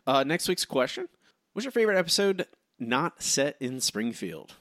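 A man co-hosting a casual podcast and running a trivia quiz, teasing his partner with quick asides. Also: medium pitch, big pitch swings, fairly bright tone, no echo, studio quality. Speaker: podcast co-host and quiz master.

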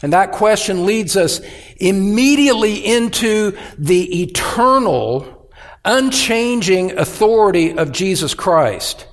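A man's voice: high voice, animated, slow. A man preaching a sermon as pastor, earnest and urgent, pressing each point with emphasis.

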